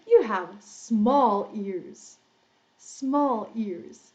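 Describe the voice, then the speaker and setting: A woman's voice: a little high, sing-song, muffled recording. A woman teaching English to young children with a playful storytelling manner and exaggerated teacher talk. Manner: slow, exaggerated, playful teacher talk with animal sound effects. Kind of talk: storytelling lesson for young learners.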